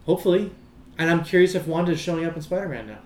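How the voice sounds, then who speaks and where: A man with a somewhat high voice co-hosting a casual podcast, hesitant and full of restarts, often trailing off into quieter talk. The room is echoey and he sits back from the mic. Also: animated, rapid-fire, distant mic, a little hiss or hum. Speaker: podcast co-host. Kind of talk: casual chat.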